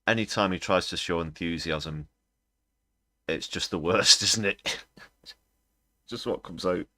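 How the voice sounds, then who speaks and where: A man's voice: low-pitched, measured pace, sharp tone, no echo. A British man hosting a political livestream, talking bluntly and scornfully, with fillers as he thinks aloud. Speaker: host.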